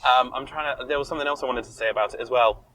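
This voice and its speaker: A man co-hosting a casual podcast chat, animated and sweary, acting out quotes in mocking voices. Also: medium pitch, rapid-fire, slight background noise, poor audio. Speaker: podcast co-host.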